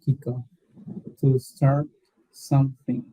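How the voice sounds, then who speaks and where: Slow, hesitant man. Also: medium pitch, flat delivery, dark tone, poor audio. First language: Spanish. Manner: hesitant, repeats words while searching for them. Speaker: English student. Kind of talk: online English lesson.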